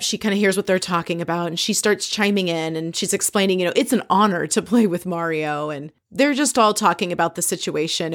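A woman hosting a casual recap, telling the story in a chatty, animated way with frequent asides. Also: fairly low pitch. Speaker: podcast host recapping a reality show.

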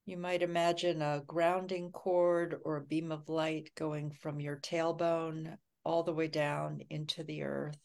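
A woman co-hosting a livestream, talking softly and calmly as she guides a grounding meditation. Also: low-pitched, gravelly. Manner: slow, soft-spoken, calming. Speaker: co-host.

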